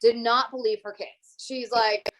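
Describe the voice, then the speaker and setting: A woman teacher talking casually as an interview guest, telling lively stories and acting out the voices of the people in them. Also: fairly high pitch, a little slow, rough recording. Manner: animated storyteller who acts out other people's voices.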